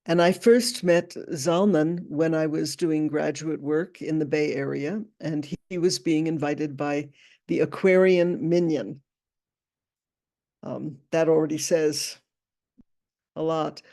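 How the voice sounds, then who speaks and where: A woman telling a personal story at a memorial gathering, halting and repeating phrases as she goes. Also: deep voice, steady tone, warm tone. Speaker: memorial speaker.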